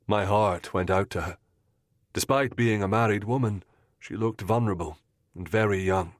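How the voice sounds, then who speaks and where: A male audiobook narrator with a low voice reads scripted first-person narration at normal speed. The recording is studio quality, with no room sound.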